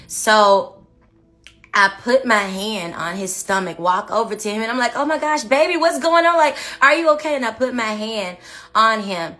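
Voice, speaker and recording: Bright-voiced woman telling a story. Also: fairly low pitch. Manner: expressive, lively retelling of a dream; talks straight to viewers. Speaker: Christian vlogger. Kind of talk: casual storytelling.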